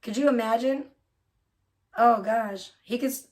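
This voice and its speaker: A woman's voice: on the high side, unhurried, pauses often. A woman livestreaming, ranting casually with lots of swearing and laughter, mocking someone.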